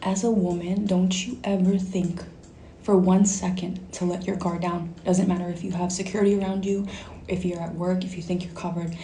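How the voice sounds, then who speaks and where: A woman's voice: on the low side, flat delivery, moderate pace, warm tone, a little hiss or hum. A healthcare worker, a woman, giving a direct, earnest warning in a casual vlog. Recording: echoey room.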